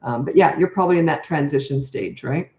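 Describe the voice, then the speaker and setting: A Canadian woman in her sixties speaks in a low, fairly quick, slightly mellow voice, with a roomy echo around her. She's a parenting coach answering viewer questions in relaxed, casual chat, often wandering off topic into long stories full of laughter.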